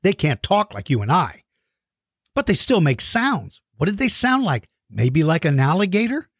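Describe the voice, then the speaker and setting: A man with a husky, sing-song voice on the high side hosts a show answering viewer questions about dinosaurs, explaining in a lively, playful, teacherly style for young viewers. He speaks at normal speed on his own microphone, recorded dry with clean studio sound.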